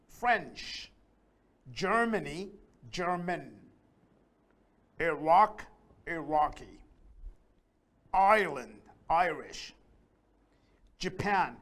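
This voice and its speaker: A man teaching a beginner English lesson, speaking slowly and carefully and repeating words so learners can hear the pronunciation. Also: high-pitched, a bit bright.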